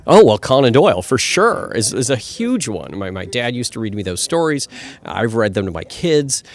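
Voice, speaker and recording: A man's voice: mid-range voice, sing-song, moderate pace. A man, a screenwriter, answering red carpet questions with enthusiasm, thinking aloud and restarting his sentences.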